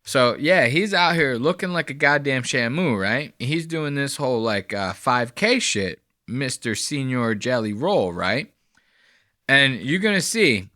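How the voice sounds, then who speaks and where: A man's voice: mid-range voice, expressive, unhurried, bright, forceful tone, no room sound, studio quality. A man hosting a podcast, giving a mocking, profane reaction commentary on clips. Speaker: podcast host.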